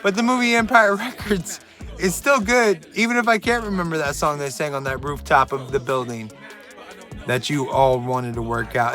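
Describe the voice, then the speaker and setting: Excitable, rambling man with a bright voice. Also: fairly high pitch, normal speed, soft background music. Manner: rambling, excitable, jokey asides. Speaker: movie recommendation host. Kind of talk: casual monologue.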